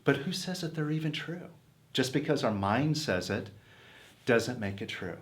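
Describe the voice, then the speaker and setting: A man's voice: mid-range voice, expressive, normal speed. A man teaching self-help in an earnest, coaxing motivational talk, posing questions to his listeners.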